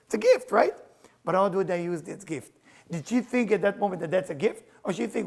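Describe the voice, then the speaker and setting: A middle-aged man teaches through personal stories, his English halting and broken but his delivery earnest and animated. His voice sits high and swings widely in pitch, with a husky, gravelly edge. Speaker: spiritual teacher. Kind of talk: storytelling lecture.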